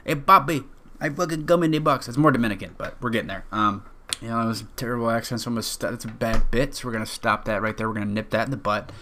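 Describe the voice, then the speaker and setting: A man's voice: on the low side, steady tone, racing, fairly bright tone, slight background noise. A young man hosting a solo podcast, rambling casually, swearing often and cracking jokes at his own expense. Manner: rambling, profane, joking. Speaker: podcast host.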